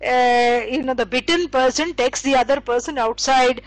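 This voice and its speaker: A woman's voice: high-pitched, moderate pace, no room sound, poor audio. A woman teaching scripture, explaining with stories and acted quotes, using many fillers. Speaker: spiritual teacher. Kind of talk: scripture lecture.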